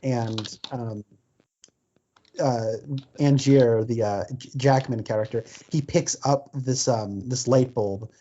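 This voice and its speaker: A man's voice: medium pitch, steady tone, takes it slowly, dark tone, a little hiss or hum. A man co-hosting a podcast, chatting about a film full of fillers and quoting favourite lines. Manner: chatty, quotes lines in silly voices, filler-heavy. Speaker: podcast co-host. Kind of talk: casual film discussion. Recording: dull lo-fi sound.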